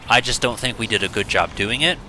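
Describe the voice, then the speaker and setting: Bright-sounding guy rambling on about old stuff while he games, some music in the back. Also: fairly low pitch, quick pace. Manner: rambling, storytelling, many fillers. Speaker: gaming YouTuber. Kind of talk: casual let's-play commentary.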